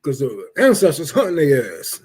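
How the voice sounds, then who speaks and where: A young man hosting a casual livestream, cursing loudly and laughing as he rants and thanks donors. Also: a little high, husky. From Detroit. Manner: profane, loud, laughing rants. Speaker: livestream host.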